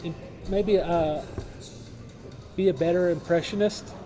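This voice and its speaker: A brash man jokes at his own expense and swears freely. His voice is mellow and a little high. Faint music plays behind him. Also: steady tone, measured pace. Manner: brash, self-deprecating, swears. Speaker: comedy student. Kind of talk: casual interview answers.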